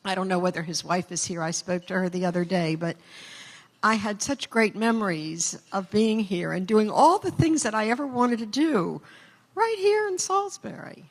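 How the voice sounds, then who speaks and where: A woman's voice: mid-range voice, moderate pace. An older woman giving a chatty acceptance speech full of stories and self-deprecating asides, in a large hall. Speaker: award recipient. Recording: long hall reverb.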